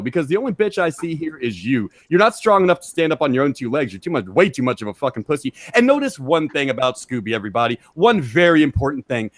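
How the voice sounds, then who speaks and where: A man's voice: on the high side, sing-song, fast talker, few pauses, dry recording. A man hosting a livestream, angrily taunting someone in a heavily profane rant. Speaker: stream host.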